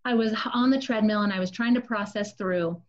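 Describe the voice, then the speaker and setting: A woman's voice: medium pitch, a little fast, lo-fi sound. A woman sharing a personal testimony in a casual, confessional storytelling way, speaking directly to her listeners.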